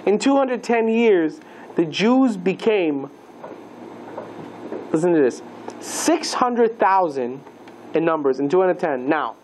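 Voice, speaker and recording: A man teaching a class as a rabbi, lively and playful, asking the listeners questions and mixing Hebrew terms into his lesson. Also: high-pitched, takes it slowly, pauses often, slight background noise, low-quality recording.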